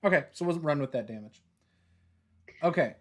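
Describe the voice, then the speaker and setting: A man running a tabletop game as dungeon master, relaxed and quick to laugh. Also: a little high.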